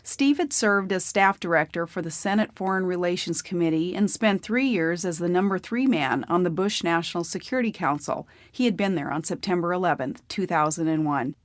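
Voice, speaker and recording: A woman's voice: on the low side, lively intonation, fairly quick, hardly any pauses, dry recording. A woman narrating a memoir audiobook in a plain, conversational storytelling manner.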